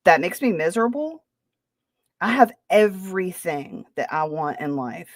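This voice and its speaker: A woman's voice: on the low side, big pitch swings, measured pace, no room sound, clean studio sound. A woman hosting a podcast, talking casually in a sarcastic, defensive way. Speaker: podcast host. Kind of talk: casual chat.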